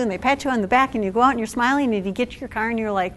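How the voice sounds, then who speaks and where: A woman social worker giving a talk to a support group, animated and acting out quotes with laughs. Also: fairly high pitch, fast, hardly any pauses.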